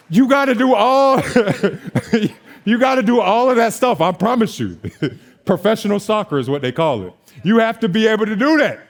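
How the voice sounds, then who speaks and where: On stage for a motivational talk, a twenty-something man who owns a notary business recounts his story with energy, performing snippets of dialogue. He speaks in a high-pitched voice at a moderate pace.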